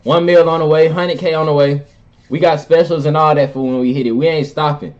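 A man giving a casual, slangy shout-out to viewers, with bursts of loud hype. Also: on the high side, steady tone, fairly quick, dull audio. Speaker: YouTuber friend giving a shout-out.

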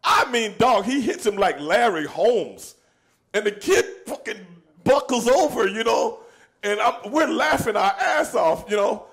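Animated, high-voiced storytelling man. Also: unhurried. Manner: animated, laughing, acting out quotes. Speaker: show host telling a story. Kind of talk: casual storytelling.

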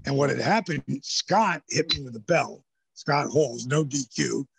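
A man guest on a podcast, telling animated stories, swearing freely and acting out the voices of the people in them. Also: medium pitch, a little slow, creaky, husky, no echo. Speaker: podcast guest, former pro wrestler. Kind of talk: casual storytelling interview. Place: podcast studio.

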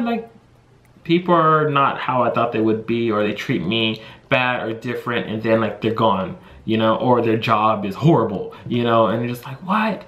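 A man's voice: medium pitch, fairly bright tone. Rambling young American man, echoey room. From United States. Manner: rambling, full of "you know" and "like". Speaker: vlogger. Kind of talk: casual storytime monologue.

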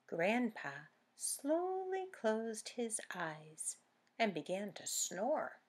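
A woman reading picture books aloud at a library storytime. She speaks very slowly in an animated, sing-song way, and her voice has a soft, breathy edge. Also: fairly high pitch. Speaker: children's librarian.

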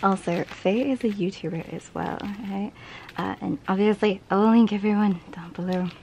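A woman in mid-range pitch chats to her viewers in a casual haul vlog. She gushes and gets excited easily, laughing between phrases and asking "right?" often. A faint noise sits behind her voice. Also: normal speed, gravelly. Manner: chatty, many fillers and tag questions. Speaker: vlogger.

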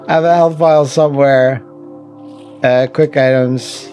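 A man's voice: mid-range voice, fairly even intonation, slow, long pauses, a little mellow, soft background music. A man casually commenting while he plays a video game, wry and jokey, swearing and talking to the enemies. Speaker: gaming channel host. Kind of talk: casual let's-play commentary.

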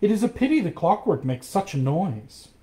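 A man's voice: high-pitched, very animated, moderate pace, mellow, voice pushed up. A man reading aloud and voicing a clever, bold young woman in a storybook tale. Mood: sly.

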